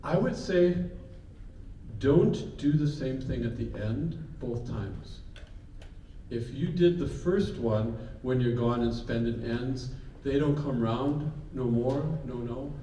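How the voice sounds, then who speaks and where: A man's voice: medium pitch, takes it slowly, dark tone, a little hiss or hum. Man coaching singers in an echoey room. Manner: encouraging, counts in, sings example phrases. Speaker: vocal clinician. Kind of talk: choir coaching. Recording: echoey room, mic far off.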